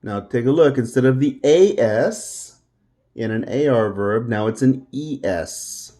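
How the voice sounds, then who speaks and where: A man's voice: medium pitch, animated, a little slow, warm tone. A man teaching a Spanish lesson, patiently repeating words for the listener to drill. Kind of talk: language lesson.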